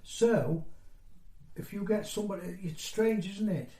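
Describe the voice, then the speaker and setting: Man in his sixties, mellow rambling storyteller. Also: high-pitched, a little slow. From North East England. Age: 60s. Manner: rambling, conversational storytelling with broken-off phrases. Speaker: interviewee. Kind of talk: oral history interview. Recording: roomy echo.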